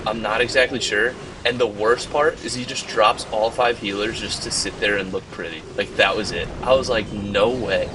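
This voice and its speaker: A man's voice: fairly low pitch, steady tone, moderate pace, hardly any pauses, background noise. A man hosting gameplay commentary, telling a story in a casual, exasperated way with lots of fillers. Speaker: game channel host.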